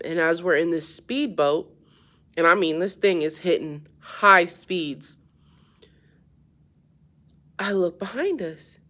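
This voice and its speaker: A woman telling a casual, profane story about a strange dream, starting subdued and growing animated. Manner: animated and profane, grows louder and more excited as the story builds; low-key and subdued at the start. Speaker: vlogger.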